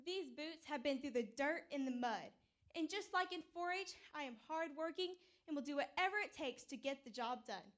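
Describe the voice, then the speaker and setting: A woman with a high-pitched voice gives a prepared campaign speech. Her delivery is peppy and emphatic, and she leans hard on key words. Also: animated, moderate pace, a bit bright. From Texas. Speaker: 4-H council candidate.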